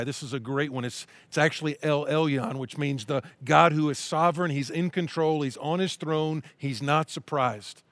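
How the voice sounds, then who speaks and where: Male pastor, earnest sermon delivery, slightly high voice, dry close recording. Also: fairly bright tone, no room sound. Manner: earnest preaching, slows down to read scripture aloud. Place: church at-home broadcast.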